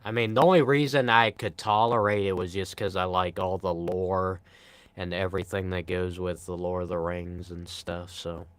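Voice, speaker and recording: A young man with a Pennsylvania accent chats loosely on his live stream, rambling from one thought to the next and poking fun at himself. His low voice comes through smooth and resonant. The sound is dry and close, with no room around it. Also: little pitch movement, moderate pace, no room sound. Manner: rambling, self-deprecating, reads chat aloud. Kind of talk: casual live stream chat.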